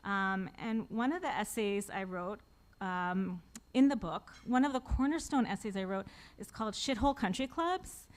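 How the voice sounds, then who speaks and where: A woman's voice: medium pitch, lively intonation, normal speed. A woman in her forties, an author telling a personal story live to an audience with wry, self-deprecating humor, often laughing at her own jokes.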